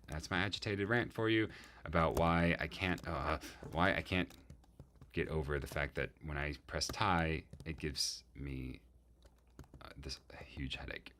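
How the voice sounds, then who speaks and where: A man's voice: a bass voice, measured pace, pushed and bright, slight background noise. A man composing music and thinking aloud, muttering to himself and humming melodic lines on "da".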